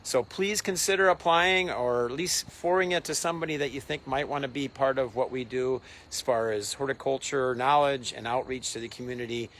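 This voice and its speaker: A man's voice: mid-range voice, fairly quick, few pauses, a bit bright, slight background noise. A man co-hosting a gardening show, friendly and easygoing. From Minnesota. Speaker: co-host, master gardener. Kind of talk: casual educational chat. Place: outdoor garden.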